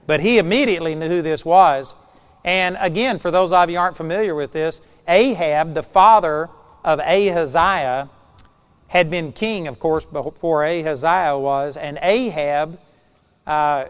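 A man preaching a sermon, reading scripture aloud and retelling it in a relaxed, conversational storytelling way with small asides. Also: a little high, long reverb tail, muffled recording.

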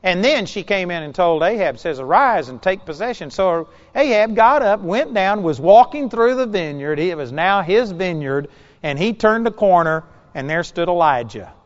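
A man preaching a sermon, reading scripture aloud and retelling it in a relaxed, conversational storytelling way with small asides. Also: high-pitched, moderate pace, in a large hall, highs cut off.

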